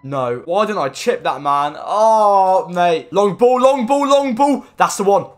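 Excitable young gamer shouting at play. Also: male voice, high voice, measured pace, faint music behind. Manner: excitable, swears, shouts at the game. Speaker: gaming YouTuber. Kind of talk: live gameplay commentary.

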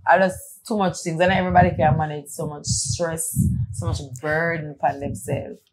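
A woman's voice: low-pitched, little pitch movement, moderate pace, a little hiss or hum, rough recording. A woman with a Jamaican accent chatting casually on a podcast, speaking earnestly and insistently in patois. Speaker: podcast co-host. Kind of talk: casual chat.

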